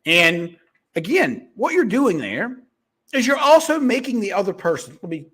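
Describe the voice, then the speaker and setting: A man talking fast as a sales coach, giving a rambling motivational monologue to his viewers with frequent restarts. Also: high voice, big pitch swings, fairly bright tone, slightly rough.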